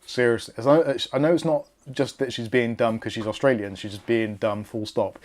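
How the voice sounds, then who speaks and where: A man's voice: mid-range voice, fairly even intonation, fairly quick, darkish tone. A man with a Bristolian accent hosting a casual live stream. He chats, jokes and reads viewer comments aloud. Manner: chatty, jokey, self-deprecating asides.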